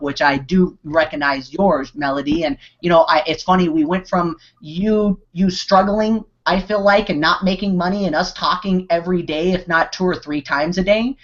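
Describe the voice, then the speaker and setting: A man hosting a live online Q&A, talking in a rambling way with many restarts and fillers. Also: high-pitched. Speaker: host. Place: online video hangout. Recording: dull lo-fi video call audio.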